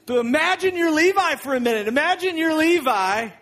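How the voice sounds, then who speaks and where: A male pastor giving an energetic, joking, emphatic sermon. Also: very high-pitched, a little fast.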